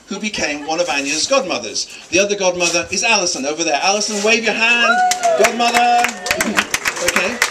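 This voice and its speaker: A middle-aged man giving a joking father-of-the-bride wedding speech, teasing the guests. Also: fairly high pitch. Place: wedding reception hall. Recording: distant, with crowd noise. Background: guests laughing and chattering.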